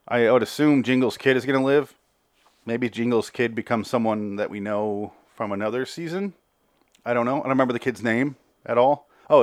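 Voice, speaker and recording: This male podcast host, with a mid-range voice, gives a casual recap and review of a TV episode while out of breath. His delivery is profane and rambling, and he repeats words whenever he restarts. The audio is studio quality, with no room sound.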